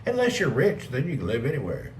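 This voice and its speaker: On a casual live stream, a man jokes and rambles while answering chat messages. His medium-pitched, slightly mellow voice swings widely in pitch and moves quickly. A distant, roomy mic captures faint ambience and slight background noise.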